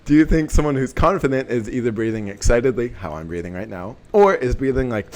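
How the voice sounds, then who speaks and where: A young man talking casually to camera, giving energetic motivational advice and swearing for emphasis. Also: medium pitch, fast, hardly any pauses. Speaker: self-help vlogger.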